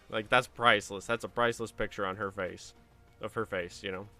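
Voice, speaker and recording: Man, game streamer, bright tone, casual storytelling, faint music behind. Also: mid-range voice, fairly quick. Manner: animated anecdote telling with acted-out quotes.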